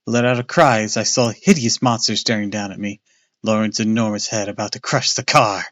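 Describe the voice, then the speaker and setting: A man's voice: lowish voice, fast talker, a bit bright, no room sound, clean studio sound. A man casually reading a children's horror book aloud on a live stream, with small slips and restarts.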